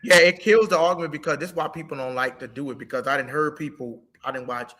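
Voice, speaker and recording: A man's voice: fairly high pitch, fast talker, bright, forceful tone. A man ranting heatedly about football in a casual sports talk, profane and emotional. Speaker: co-host.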